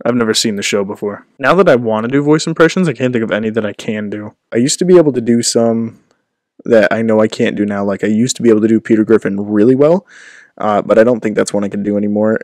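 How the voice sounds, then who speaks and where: A man's voice: on the low side, quick pace, a little mellow, dry recording, studio quality. A young man rambling in a casual vlog, self-deprecating, at a home setup with a desk microphone. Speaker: host.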